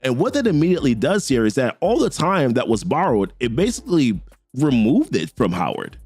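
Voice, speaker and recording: A man casually recapping a comic book story in a slangy, conversational way. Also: medium pitch. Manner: slangy, conversational, lively delivery.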